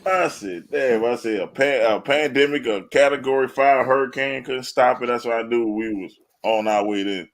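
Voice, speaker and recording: A man's voice: medium pitch, normal speed, few pauses. A man hosting a podcast, telling stories in a casual chat, laughing often and swearing freely. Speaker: podcast host.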